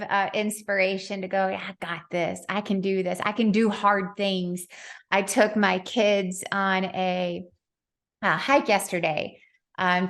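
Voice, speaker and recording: A woman in her thirties hosting a podcast, telling a family story in a lively, laughing way. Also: mid-range voice. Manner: animated storyteller, laughs often. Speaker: podcast host. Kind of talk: casual interview chat.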